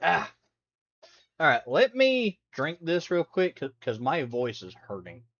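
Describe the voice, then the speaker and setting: A man's voice: on the high side, huge pitch swings, unhurried, fairly bright tone, lo-fi sound. A man chatting casually on a live stream while reacting to videos, rambling, laughing and humming along.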